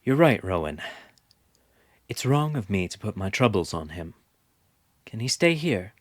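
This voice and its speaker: A man reading an audiobook, voicing a gentle, cautious young woman who speaks hesitantly. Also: fairly low pitch, big pitch swings, unhurried, no echo, clean studio sound. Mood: reassuring. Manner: hesitant, soft-spoken.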